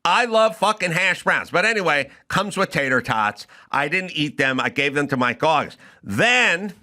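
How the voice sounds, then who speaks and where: Bright-voiced man in a profane rant. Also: fairly high pitch, very animated, moderate pace. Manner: profane, exasperated ranting. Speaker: podcast host. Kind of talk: comedic rant.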